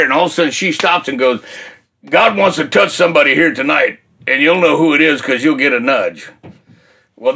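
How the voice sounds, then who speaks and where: An older man telling his faith testimony in a folksy, colloquial, animated way. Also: fairly high pitch. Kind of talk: casual faith testimony storytelling.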